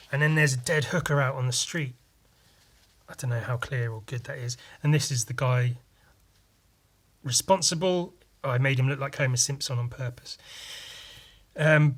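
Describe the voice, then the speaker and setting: A young man hosting a podcast, chatting casually and hesitantly about his old comic drawings, filling pauses with ums and throwing in quick sound effects. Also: medium pitch, fairly bright tone. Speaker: podcast host. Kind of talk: casual chat about his own artwork.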